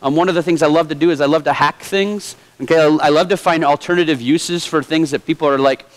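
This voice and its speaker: A man's voice: on the high side, steady tone, fast, rough recording. A male pastor preaching a sermon in a conversational way with light humor. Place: church.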